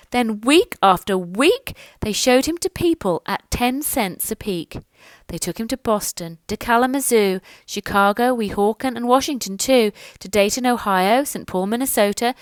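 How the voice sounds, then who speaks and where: A woman reading a children's picture book aloud in a lively, sing-song rhyming manner. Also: fairly high pitch, no echo, rough recording. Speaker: storyteller.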